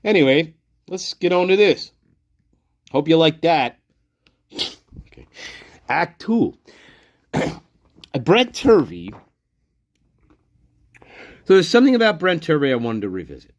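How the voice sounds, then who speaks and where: A man's voice: a little high, very animated, dry recording, studio quality. A man giving angry true-crime commentary, profane and contemptuous, dragging out his insults. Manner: profane, contemptuous, name-calling; slow, drawn-out insults.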